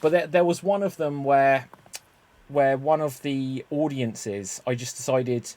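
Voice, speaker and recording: A man hosting a podcast, telling stories in a loose, animated way full of "like" and restarts. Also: mid-range voice, unhurried. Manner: animated storyteller, lots of "like" and restarts. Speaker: podcast host. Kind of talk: casual podcast chat.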